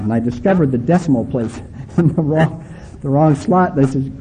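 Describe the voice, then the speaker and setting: A male pastor preaching a sermon with emphatic, drawn-out stresses and a folksy storytelling manner. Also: medium pitch, warm tone, a little hiss or hum, poor audio.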